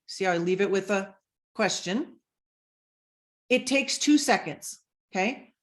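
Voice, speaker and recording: Energetic woman coaching on sales. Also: medium pitch, a little slow, long pauses. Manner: energetic, conversational, acts out sample messages. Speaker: business coach. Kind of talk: coaching talk on social media sales.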